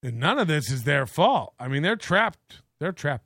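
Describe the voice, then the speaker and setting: A sarcastic male host rants slowly through comic commentary, piling up profane rhetorical questions and laughing at his own jokes. His voice sits high and bright with a gravelly fry. The recording is dry and close. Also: very animated, dry recording. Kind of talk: casual comedic commentary rant.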